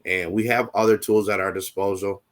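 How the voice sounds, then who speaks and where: Very deep-voiced man chatting casually. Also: flat delivery, normal speed. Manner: rambling, filler-heavy, reassuring. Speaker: co-host. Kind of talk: casual talk show chat.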